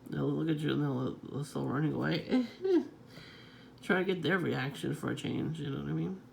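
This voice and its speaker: A vlogger rambles on in a loose, unscripted monologue, the voice deeply gravelly with constant fry. The delivery is profane and scattered, broken up by frequent chuckles, at a middling pitch. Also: normal speed, slight background noise.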